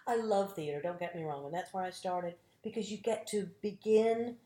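A woman with a Southern American accent talks openly in a casual interview, quick to laugh and firm in her opinions. Her voice sits at a medium pitch, and the room adds a noticeable echo. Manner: animated, opinionated, laughs often. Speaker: actress and teacher.

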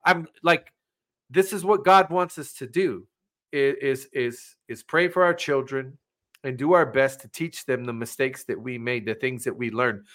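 An earnest man in his forties co-hosts a casual faith talk. His voice is bright and forceful, and he sits in the middle of the range for pitch. He leans into preachy advice and gets emotional. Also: normal speed. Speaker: podcast co-host.

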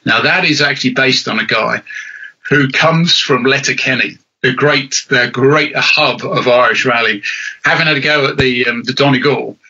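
A man's voice: mid-range voice, moderate pace, slightly rough, dull audio. A middle-aged man, a rally commentator and author, telling self-deprecating stories in a chatty interview. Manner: animated storyteller, self-deprecating.

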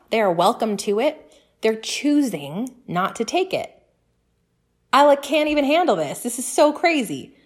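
A woman, hosting a casual podcast and talking with enthusiasm and faith-filled encouragement to other mothers. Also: a little high.

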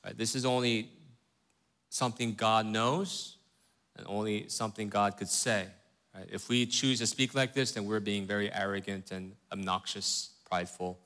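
A man with a lowish, sharp-toned voice leads a Bible study, earnest and emphatic, often questioning his listeners and checking in with "right?" He reads scripture slowly, building emphasis as he goes.

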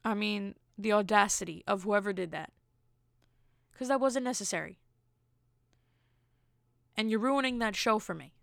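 A woman hosts her own podcast, telling stories in a casual solo monologue with plenty of vocal fry. She speaks bluntly and candidly, with incredulous asides. The sound is dry and close. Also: medium pitch, moderate pace, long pauses, fairly bright tone, dry recording. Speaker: podcast host.

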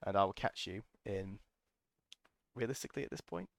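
A man's voice: fairly low pitch, animated, normal speed, gravelly, no room sound. A man hosting a podcast, telling a casual, enthusiastic story full of ums and restarts. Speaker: podcast host.

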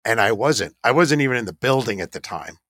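A man who runs a paranormal investigation team tells a story in a chatty, self-deprecating way, laughing at himself now and then. His voice sits at a middle pitch. The sound is dry and close, with no room echo. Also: expressive, brisk, fairly bright tone. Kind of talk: casual anecdotal storytelling.

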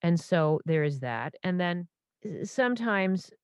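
A woman in her fifties, a stage impressionist, talks in a low voice. She is animated and keeps interrupting herself with asides. The sound is dry and close. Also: unhurried, smooth, no echo. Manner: animated, self-interrupting, full of restarts and asides. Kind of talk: casual interview storytelling.

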